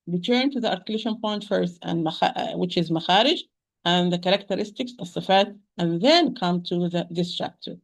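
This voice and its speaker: A woman teaching tajweed online, repeating sounds slowly and patiently, with frequent restarts. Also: lowish voice, gravelly. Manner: hesitant restarts, addresses listeners as sisters. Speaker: Quran recitation teacher. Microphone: home computer mic on a shaky internet connection.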